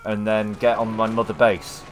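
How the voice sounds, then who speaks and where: A man's voice: on the low side, little pitch movement, normal speed, a little hiss or hum. A man with a Mancunian accent, a gaming streamer chatting and teasing friends while he plays. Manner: teasing, joking banter. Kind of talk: casual chat while playing.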